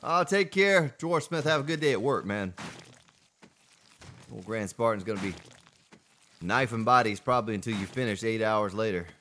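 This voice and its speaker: Low-voiced man chatting while gaming. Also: animated, normal speed, pauses often, a bit bright, slight background noise. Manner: chatty, talks to chat viewers by name. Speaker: game streamer. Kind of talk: casual gameplay commentary.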